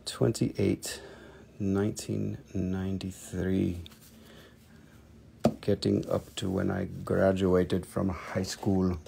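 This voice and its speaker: Male host, 40s, gravelly and low-ish, loose jokey live-stream seller. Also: completely flat delivery, slow, warm tone, slight background noise. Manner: chatty, jokey, plays with a put-on accent. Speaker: host of a live crystal sales show. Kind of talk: casual live-stream selling.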